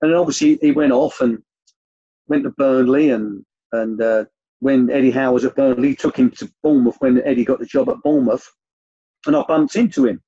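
An older man, a former youth coach, telling rambling anecdotes with many restarts in a relaxed interview. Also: mid-range voice, a little fast, slightly rough, no room sound, dull audio.

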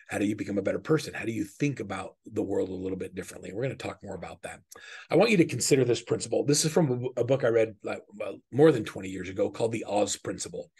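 A man's voice: fairly low pitch, a little mellow, husky. A middle-aged man speaking as a business coach in a webinar, teaching earnestly and conversationally through personal stories, often restarting his sentences.

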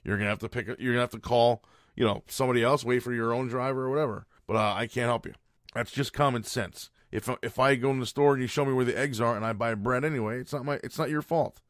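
A man's voice: mid-range voice, fairly even intonation, fast talker, dry recording, studio quality. A man hosting a podcast, telling a story as a casual rant in a blunt, profane and exasperated way. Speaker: podcast host.

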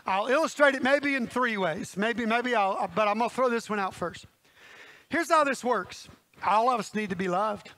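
Animated, high-voiced folksy preacher man. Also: normal speed, no echo. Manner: folksy, animated, talks to the congregation directly. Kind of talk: sermon. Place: church.

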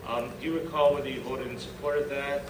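Male councillor, halting questioner, far from the mic in a roomy chamber. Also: mid-range voice, steady tone. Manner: hesitant, with many fillers. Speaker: city councillor asking a question. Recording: echoey chamber audio from afar with hiss.

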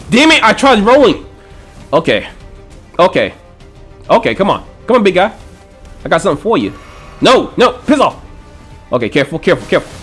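A man giving excitable gameplay commentary, swearing and trash-talking enemies with frequent panicked outbursts. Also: fairly high pitch, husky. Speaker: gaming channel host.

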